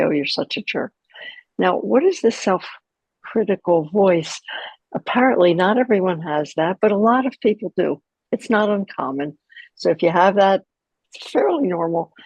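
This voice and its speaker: An older woman teaching a caregiving course in a gentle, chatty way, full of asides. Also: fairly low pitch, no room sound, poor audio. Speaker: course instructor. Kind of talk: relaxed spoken teaching.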